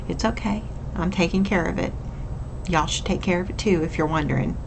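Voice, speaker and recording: A woman's voice: mid-range voice, moderate pace, vocal fry, a little hiss or hum, poor audio. A young woman, talking candidly and upbeat to her camera in a casual vlog, sometimes getting emotional. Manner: candid, upbeat, emotional at times, says "y'all". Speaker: vlogger.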